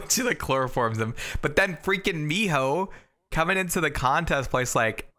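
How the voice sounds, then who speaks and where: A man co-hosts a casual podcast chat, rambling and hesitant, with a bright, sharp tone to his voice. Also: fairly high pitch, normal speed. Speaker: podcast co-host.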